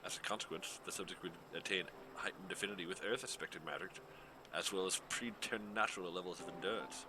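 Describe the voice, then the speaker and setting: A man voicing a small machine that reads a report aloud in a flat, measured way. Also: low voice, recorded from a distance, background noise, lightly acted. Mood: reciting.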